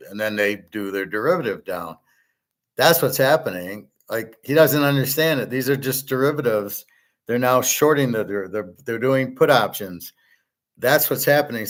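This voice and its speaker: A man hosting a reaction commentary, talking in a scornful, blunt and profane way. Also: mid-range voice. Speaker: host reacting to a clip.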